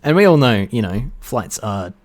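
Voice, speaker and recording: A man co-hosting a podcast, telling jokes in casual chat, animated and swearing. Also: mid-range voice, normal speed. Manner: animated storyteller, swearing, laughs at his own jokes. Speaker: podcast co-host.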